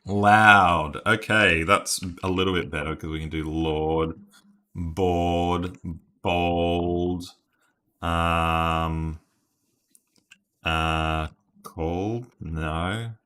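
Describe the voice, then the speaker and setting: A man's voice: sits low, fairly even intonation, very slow, sharp tone. A man streaming word games, chatting casually and thinking aloud while laughing at himself. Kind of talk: casual live-stream commentary.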